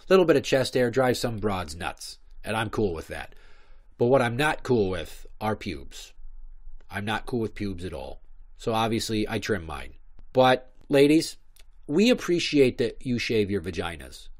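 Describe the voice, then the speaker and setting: A man's voice: on the low side, very animated, unhurried. Profane man in his thirties ranting. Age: 30s. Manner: profane, rambling storytelling. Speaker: podcast host. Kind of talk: casual comic monologue.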